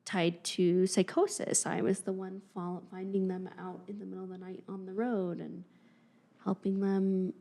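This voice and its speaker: A woman's voice: medium pitch, level tone, moderate pace, creaky, dark tone. A young adult woman speaking earnestly and reflectively as an interview guest, often dropping to a near-whisper. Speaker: podcast guest, mental health professional. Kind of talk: conversational interview.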